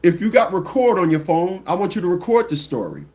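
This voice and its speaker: A man hosting a livestream talk show, telling a story bluntly and mockingly, repeating phrases and mimicking people with shrill squawks. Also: sing-song, a little fast, hardly any pauses, a little mellow. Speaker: radio show host.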